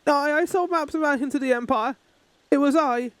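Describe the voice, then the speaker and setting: A man's voice: very high voice, moderate pace, fairly bright tone, no room sound, pitched above the performer's own voice. A man reading out the lines of a desperate, self-pitying male traitor soldier from a game, in an earnest, pleading way. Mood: confessing. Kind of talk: reading game dialogue aloud.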